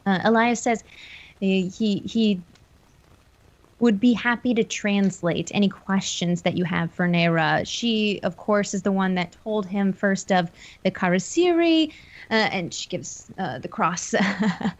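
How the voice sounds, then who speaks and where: A woman's voice: medium pitch, measured pace. A woman narrating a tabletop horror game as game master, describing scenes with many fillers and restarts. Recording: lo-fi call audio.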